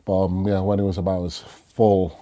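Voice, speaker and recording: A man's voice: sits low, level tone, fairly quick, dark tone. A man from Jamaica, a musician guest on a podcast, chatting casually with lots of fillers and laughter. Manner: laid-back, laughs often, frequent fillers.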